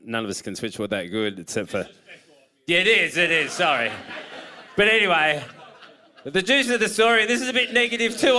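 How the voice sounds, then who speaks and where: A man's voice: sits high, pushed and bright. A man telling a story casually as a panel guest, easygoing and laughing at himself.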